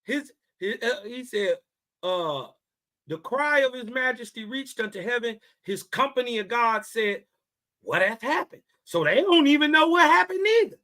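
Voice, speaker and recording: A man's voice: very high voice, expressive, moderate pace, bright, forceful tone. A man reading scripture aloud and breaking off into mocking, laughing street-slang commentary, often checking that his listeners follow. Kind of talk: casual religious commentary.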